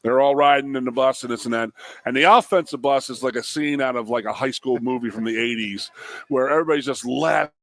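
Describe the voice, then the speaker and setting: Middle-aged male radio co-host, lively rambling anecdotes, dry mic. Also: mid-range voice, quick pace, dry recording. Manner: animated storyteller, fillers and repeated words. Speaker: co-host, former offensive lineman. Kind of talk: casual sports radio chat. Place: radio broadcast from a restaurant.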